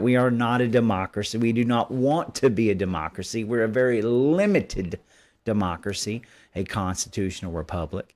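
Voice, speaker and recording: Low-voiced combative man reading news. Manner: combative, dismissive, stops to editorialize. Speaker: host. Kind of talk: live commentary, reading articles aloud.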